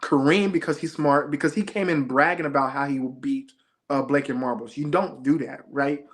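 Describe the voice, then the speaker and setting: A man's voice: a little high, steady tone, normal speed. A young man, a reality show contestant, telling stories in a laid-back, slangy way during a casual interview.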